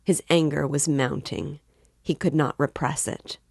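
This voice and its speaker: A woman reading a classic novel aloud in steady, measured narration. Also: sits low, creaky, slightly rough, no echo, studio quality. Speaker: book reader.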